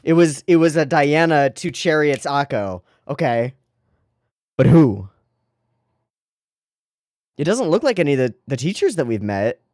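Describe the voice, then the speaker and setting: An anime reaction host talking casually and excitably, rambling into giggly asides while watching an episode. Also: medium pitch, measured pace, long pauses, no room sound, studio quality.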